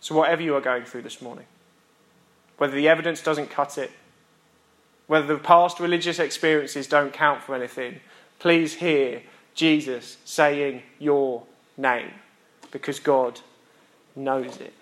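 A British man preaching a sermon, earnest with emphatic pauses and wry self-deprecating humor. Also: a little high, fairly bright tone, reverberant. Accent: British English.

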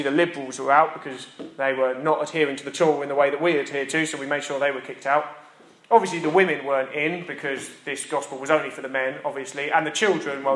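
Man, preacher; conversational but emphatic sermon, pitched a touch high, roomy church echo.

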